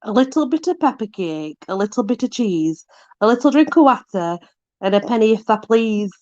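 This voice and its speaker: A woman's voice: a little high, lively intonation, moderate pace, dark tone, no room sound, lo-fi sound. A woman with a Yorkshire accent, casually reading old sayings aloud and bemused by them. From Yorkshire, England. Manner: amused, bemused, often laughing. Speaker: vlogger.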